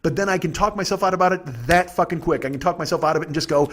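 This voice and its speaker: A man's voice: fairly high pitch, rapid-fire, a bit bright. A man in his fifties hosting a podcast, ranting in a profane, self-deprecating comic monologue. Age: 50s. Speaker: podcast host. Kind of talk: casual comedic monologue.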